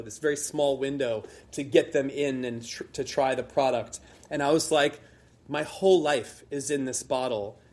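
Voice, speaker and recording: A man's voice: medium pitch, a little mellow. A man, middle-aged, a guest telling a long self-deprecating story in a rambling casual way with many restarts. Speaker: guest, liqueur brand founder.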